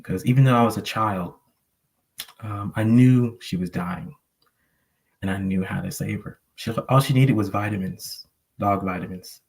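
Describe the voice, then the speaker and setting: A man's voice: on the low side, a little slow, gravelly, a little mellow. A man sharing a personal story earnestly on a panel, rambling with many fillers. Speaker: panel guest.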